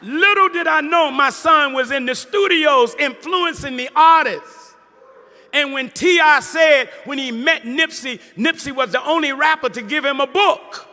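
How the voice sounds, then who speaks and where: A man's voice: very high-pitched, measured pace, sharp tone. A middle-aged male minister delivering a sermon, preaching with passion and calling out to his congregation. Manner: impassioned preaching with call-and-response asides. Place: large hall before a congregation. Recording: reverberant hall with faint crowd.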